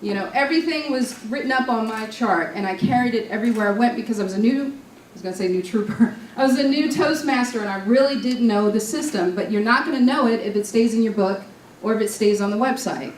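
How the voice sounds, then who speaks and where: A woman's voice: a little high, quick pace, a little hiss or hum. Joking woman trainer, roomy and distant. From New York. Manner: lively, joking storyteller. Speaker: leadership training presenter. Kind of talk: club training talk. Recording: roomy sound from a distant mic.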